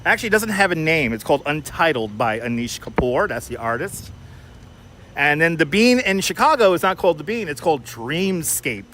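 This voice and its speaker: A man's voice: on the high side, sing-song, normal speed, fairly bright tone. A man live streaming while walking city streets, chatting casually, joking and greeting viewers by name. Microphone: wireless clip-on mic. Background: faint city traffic.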